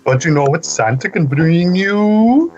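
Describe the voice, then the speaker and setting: A woman putting on a jolly old Santa Claus voice, with drawn-out ho-ho-hos, on a muffled lo-fi recording. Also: lively intonation, darkish tone, soft background music. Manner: drawn-out booming ho-ho-hos in a put-on voice. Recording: muffled lo-fi podcast audio.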